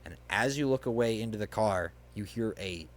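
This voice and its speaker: A man's voice: lowish voice, a little hiss or hum. A man acting as game master, casually narrating a hypothetical scenario and chuckling at the player's choices. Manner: casual, chuckling, quick to play characters.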